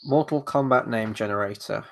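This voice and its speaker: A man's voice: on the low side, moderate pace, gravelly. A man hosting a live movie watchalong, rambling casually, swearing, and answering chat questions. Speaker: host.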